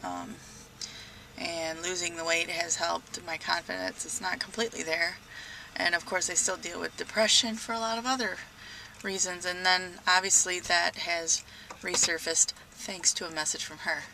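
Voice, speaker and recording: A woman's voice: on the low side, fairly even intonation, moderate pace, creaky, noisy background. A woman vlogging casually about her day at home, candid and chatty. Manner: chatty, candid, sing-song with her cat. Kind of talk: casual video diary. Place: at home, bedroom.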